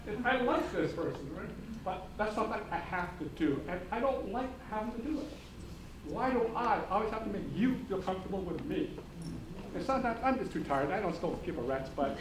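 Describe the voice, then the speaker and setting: A man speaking on a panel discussion, animated and engaging the audience with humor and questions. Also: high-pitched, a little fast, background noise. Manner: animated, audience-engaging, uses put-on voices for quoted people. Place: conference hall.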